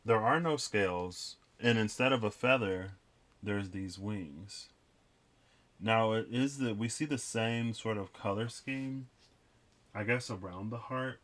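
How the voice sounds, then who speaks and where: A young man with a fairly low voice talks through a tarot spread in a casual vlog. He rambles and reflects as he goes, with plenty of "like" and "um.". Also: slow, a bit bright. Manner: rambling, reflective, lots of fillers. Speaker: tarot reader.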